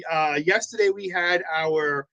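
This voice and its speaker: A man's voice: high-pitched, unhurried, gravelly, pushed and bright, muffled recording. A man co-hosting a local morning show, joking and playfully defending himself in studio banter. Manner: playful, mock-defensive teasing.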